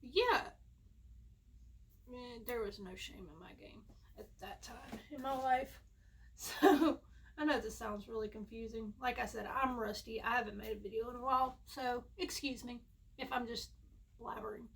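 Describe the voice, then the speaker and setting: A woman's voice: fairly high pitch, normal speed, vocal fry, breathy edge. A young woman, telling a rambling, self-mocking storytime at home. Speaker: vlogger. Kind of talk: casual storytime.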